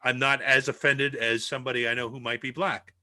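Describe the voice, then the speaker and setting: A man's voice: medium pitch, flat delivery, fairly quick, sharp tone, no room sound. A man in casual podcast chat, arguing his point with pressing questions. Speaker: podcast guest.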